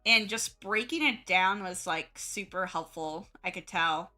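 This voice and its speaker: A woman's voice: lowish voice, unhurried, bright, forceful tone, soft background music. A young woman with a Midwest-Southern American accent, chatting casually while she draws on stream, rambling and correcting herself as she goes. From southern United States. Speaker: art streamer. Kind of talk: casual chat while drawing.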